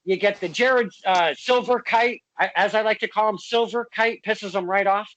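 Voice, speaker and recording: Brief: joking male podcast host, high voice, dry close recording. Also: normal speed, a bit bright, no echo, poor audio. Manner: joking, teasing, with fillers. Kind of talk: casual podcast hosting.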